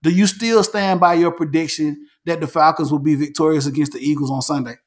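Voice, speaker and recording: A man hosting a casual sports talk show, animated, repeating himself and restarting phrases as he makes predictions. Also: on the high side, fairly quick. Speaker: podcast host.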